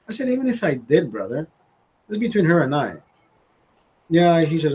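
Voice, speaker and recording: A young man hosting a livestream, telling a rambling, profane story in a casual, animated way. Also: medium pitch, quick pace, husky. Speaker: livestream host.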